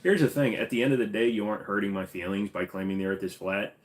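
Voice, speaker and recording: A man's voice: on the low side, quick pace, a little hiss or hum. A man with a Minnesotan accent hosting a casual livestream Q&A, blunt and opinionated. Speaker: host.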